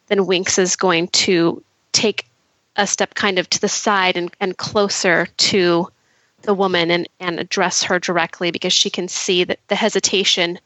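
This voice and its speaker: A woman's voice: lowish voice, little pitch movement, unhurried, fairly bright tone, no room sound, rough recording. A woman player talking through her moves in a tabletop role-play, hesitant with restarts. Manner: hesitant, laughing often.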